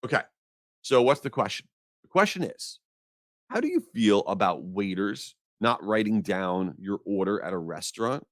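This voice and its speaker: A man hosting a podcast, telling an exasperated, animated story in a casual rant. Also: fairly low pitch, moderate pace, no room sound, clean studio sound. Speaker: podcast host.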